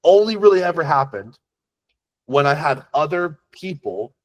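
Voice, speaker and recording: A man's voice: a little high, sing-song, moderate pace. A man teaching as a sales coach in an unscripted masterclass, talking in a blunt, profane, conversational way that rambles, restarts often and keeps tagging on questions.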